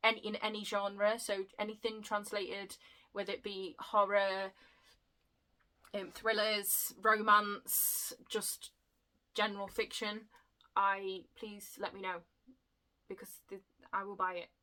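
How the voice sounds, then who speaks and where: A woman in her young adult years talks to her viewers in a chatty, excitable way and laughs at her own stumbles. Her voice is bright and clear. She is a book vlogger, speaking casually to the camera. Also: mid-range voice, slow, poor audio.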